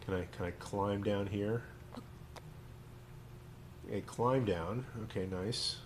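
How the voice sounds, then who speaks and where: A man's voice: on the low side, slow, slight background noise. A man, a rabbi hosting a game stream, who chats with playful, joking asides while he plays. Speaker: rabbi and host. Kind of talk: let's play commentary.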